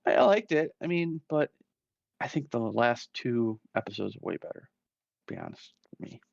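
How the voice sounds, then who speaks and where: A man's voice: medium pitch, sing-song, moderate pace, gravelly, no room sound. A man co-hosting a casual podcast, laid-back and joking. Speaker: podcast co-host. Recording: dull lo-fi mic.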